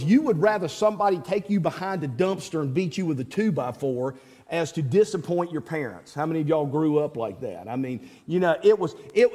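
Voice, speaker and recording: Pastor guy preaching, high voice, says stuff twice, church echo hanging on. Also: a little mellow. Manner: emphatic, repeats words, addresses congregation directly. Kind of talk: sermon. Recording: long hall reverb.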